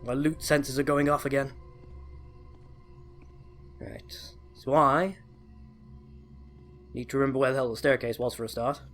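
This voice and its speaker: A man chats his way through a stealth game, eager and rambling, often correcting himself mid-sentence. His pitch sits in an ordinary middle range. Faint music plays quietly underneath. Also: fairly even intonation, rapid-fire, few pauses. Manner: chatty, enthusiastic, self-correcting. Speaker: let's play host. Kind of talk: casual gameplay commentary.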